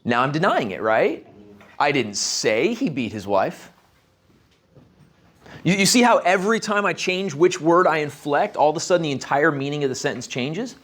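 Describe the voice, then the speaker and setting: A man's voice: fairly high pitch, lively intonation, fairly quick, few pauses, fairly bright tone. A man giving a short leadership talk to a live networking group, chatty and asking the audience questions. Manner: conversational, asks the audience questions. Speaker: leadership speaker. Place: meeting room with a live audience.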